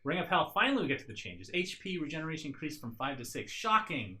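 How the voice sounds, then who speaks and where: A man with a bright, forceful voice runs a casual group chat about game updates. He reads each change aloud, then jokes and riffs on it with the others. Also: on the high side, big pitch swings, racing. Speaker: host reading patch notes.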